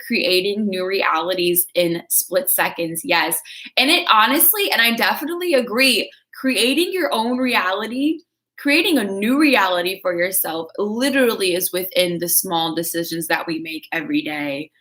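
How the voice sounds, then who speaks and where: A woman's voice: medium pitch, lively intonation, moderate pace, bright, forceful tone. A woman giving casual motivational talk on a livestream, chatty and coaching, reading out viewer comments. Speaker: fitness creator.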